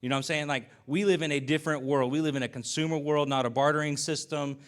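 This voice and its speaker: A man's voice: on the high side, fairly even intonation, quick pace, a bit bright. Storytelling male pastor, casual and folksy. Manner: storytelling, acts out dialogue, casual asides; uses y'all and folksy speech. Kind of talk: conversational sermon.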